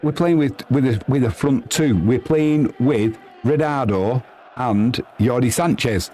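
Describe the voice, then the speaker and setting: A man calls a football match live for his stream, chatting casually and answering viewers between plays. His voice sits at an everyday middle pitch and leaps into high yelps when a goal goes in. A faint hiss runs under the recording. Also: a little slow. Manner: chatty and excitable, bursting into high yelps at goals.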